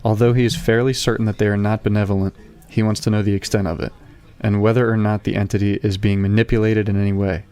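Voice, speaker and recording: A man with a fairly low voice reads his character's notes aloud at the table, pausing now and then between phrases. He is a player in a tabletop game. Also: clean tone. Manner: excited, swearing, reading haltingly.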